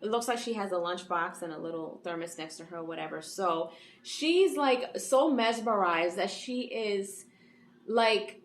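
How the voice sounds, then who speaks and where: A woman's voice: mid-range voice, expressive, normal speed. A woman giving a casual episode recap as an anime reviewer, retelling scenes in a chatty way full of fillers. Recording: echoey room.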